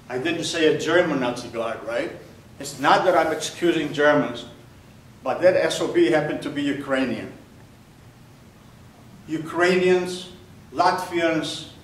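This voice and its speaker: An older man giving a slow, deliberate spoken testimony to an audience, his voice sinking low and quiet at grave moments. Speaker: Holocaust survivor speaker. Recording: echoey hall recorded from far off, faint noise.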